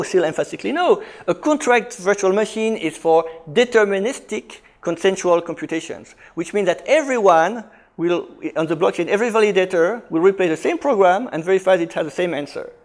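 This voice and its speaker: A man speaking at a conference, a little higher-pitched than most men. He explains technical ideas emphatically and often restarts his sentences as he pushes his point. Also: a little mellow. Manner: emphatic, quick, frequent restarts. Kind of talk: technical talk.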